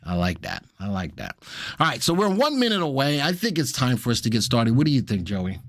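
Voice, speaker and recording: A man's voice: medium pitch, sing-song, a little fast, a bit bright, no room sound, clean studio sound. Chatty New man hosting a livestream. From Brooklyn, New York. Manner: chatty, greets viewers by name, jokey asides. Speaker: livestream host and market instructor. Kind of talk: casual live-stream chat.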